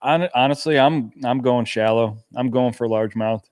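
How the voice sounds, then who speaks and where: A man's voice: mid-range voice, moderate pace, darkish tone. A man on a casual fishing show, talking in an easygoing way about his fishing plans, at times with his mouth full. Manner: easygoing, talks while eating. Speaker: guest angler. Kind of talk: casual chat.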